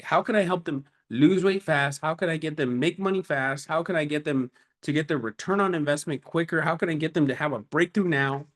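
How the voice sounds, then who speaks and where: A man coaches business owners in a loose, animated way, building each point like a story. His voice sits a little above the usual male range and he leans hard on short emphatic words. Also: fairly high pitch. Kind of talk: casual motivational talk to camera.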